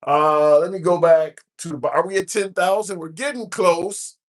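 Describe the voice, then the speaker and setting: A man's voice: fairly high pitch, fairly even intonation, normal speed. A man from the American Midwest hosting a casual live stream, chatting and reading comments aloud with frequent fillers. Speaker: livestream host. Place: cruise ship at sea.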